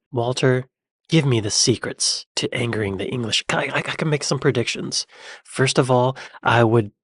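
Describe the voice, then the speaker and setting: An American man hosting a reaction channel, chatting and joking with quick laughs. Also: medium pitch, no room sound, studio quality. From United States. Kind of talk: casual reaction commentary.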